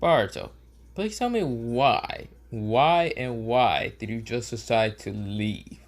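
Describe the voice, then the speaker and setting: Dude playing a fed-up ninja teacher, keeps asking why, kinda slow. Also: male voice, medium pitch. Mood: pressing. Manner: pressing, impatient questions. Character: exasperated young male ninja teacher.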